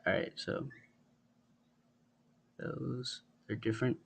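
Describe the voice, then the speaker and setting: A man's voice: on the low side, animated, slow pace, gravelly, slight background noise. A man casually walking through a screen-recorded tech tutorial, thinking aloud in an offhand way.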